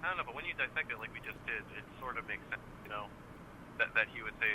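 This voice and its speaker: A man's voice: mid-range voice, rapid-fire, background noise. A man calling in to a podcast, thinking aloud in a hesitant, stammering way. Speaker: caller. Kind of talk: casual phone-in chat.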